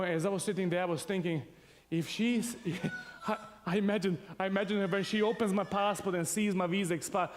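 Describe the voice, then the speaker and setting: A man's voice: sits high, in a large hall, a little hiss or hum. A man from Serbia tells a funny personal story to an audience, laughing often as he goes. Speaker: speaker telling his story to an audience. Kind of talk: humorous personal testimony.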